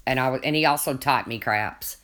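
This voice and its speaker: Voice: mid-range voice, a little fast, fairly bright tone. A livestreamer in casual chat, telling a rambling story and answering viewers' comments, often restarting sentences and laughing along.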